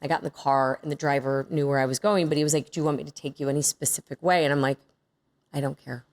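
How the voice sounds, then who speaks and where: Deep-voiced woman podcast host. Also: racing. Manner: chatty, expressive, reacts readily. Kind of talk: casual chat.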